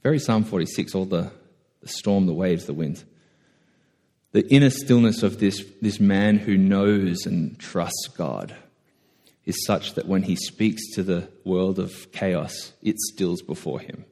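A man preaching a conversational sermon, self-deprecating and animated when telling stories. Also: low-pitched, unhurried. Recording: echoey hall.

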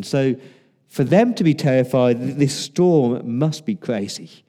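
A man's voice: on the high side, mellow. A man preaching a sermon in a conversational way, asking the listeners questions and acting out quoted lines. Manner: conversational preaching with rhetorical questions and dramatic pauses; acts out quoted lines in varied voices. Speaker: pastor.

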